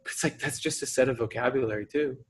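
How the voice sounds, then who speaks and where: A man's voice: medium pitch, quick pace, slightly rough. A man co-hosting a casual podcast, talking enthusiastically, laughing as he goes and swearing casually. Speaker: podcast co-host.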